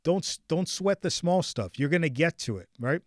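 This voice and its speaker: A man in his forties tells a personal story on a podcast, voice sitting a little high for a man. He restarts and repeats words as he goes, dropping to near-murmurs and then rising loud. The sound is dry and close, with no room around it. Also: moderate pace, no echo. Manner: animated, repeats and restarts words, swings between hushed and loud. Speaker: podcast host. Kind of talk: casual storytelling chat.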